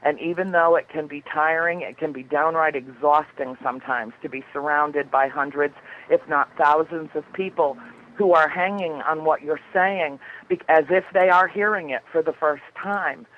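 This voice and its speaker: A woman's voice: deep voice, normal speed, phone-quality sound. A woman guest on a radio talk show, chatting in an effusive, dramatic storytelling way. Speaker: guest author.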